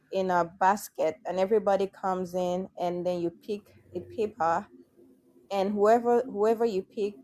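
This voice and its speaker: Woman guest on a chat show, thoughtful, kinda slow and drawn out at times. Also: medium pitch, a little mellow. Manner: reflective, often stretches words out slowly. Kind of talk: casual chat, sharing opinions.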